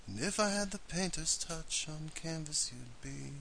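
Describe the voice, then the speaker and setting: A man reciting a rhyming love poem in a measured, deadpan way. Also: a little high, gravelly, a little hiss or hum, rough recording.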